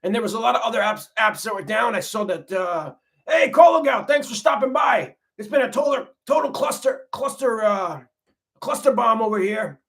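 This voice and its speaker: A man's voice: very high voice, lively intonation, normal speed, fairly bright tone, full character voice. A man playing a folksy, laid-back grandmother on a comedic parody livestream, rambling and repeating himself. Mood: chatty. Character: folksy middle-aged grandmother reality-TV wife, laid-back. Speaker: livestream host.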